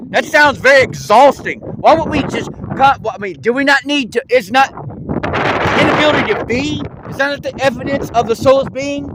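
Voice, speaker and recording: A man's voice: extremely high pitch, background noise. A man in a rambling, accusatory monologue, firing rhetorical questions at another creator and restarting his sentences often.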